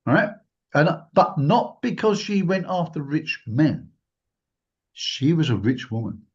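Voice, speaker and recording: A man with a husky, somewhat high voice tells a personal story, his pitch swinging widely as he acts out scenes. The recording is dull and lo-fi. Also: a little slow. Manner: animated, acts out quotes in a raised voice. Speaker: guest speaker. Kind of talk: storytelling in a talk.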